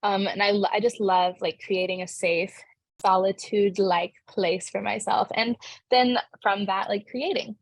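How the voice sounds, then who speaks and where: Young woman, actress guest, bubbly, chatty, middle pitch, dry close sound. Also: fairly even intonation, unhurried, dry recording. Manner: bubbly, chatty, many "like" fillers. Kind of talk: casual interview answers.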